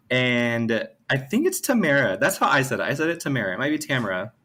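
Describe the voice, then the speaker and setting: Lively, expressive man in podcast chat. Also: medium pitch, moderate pace, breathy edge. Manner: expressive, reacts with short remarks and laughs. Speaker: podcast co-host. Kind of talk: casual chat recapping a book.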